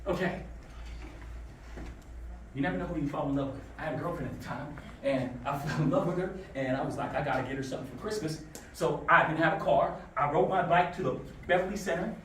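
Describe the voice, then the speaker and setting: A man giving a motivational talk to students, telling stories in a lively call-and-response way. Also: fairly high pitch, fairly quick, a little hiss or hum. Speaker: motivational speaker. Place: school classroom. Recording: echoey room from far off.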